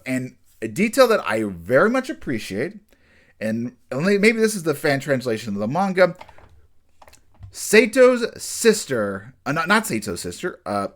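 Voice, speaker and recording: Reviewing an anime episode in a relaxed way, this man has a mid-range, somewhat bright voice with big swings in pitch. He rambles, uses fillers, keeps restarting sentences, and slips into characters' lines in rapid bursts.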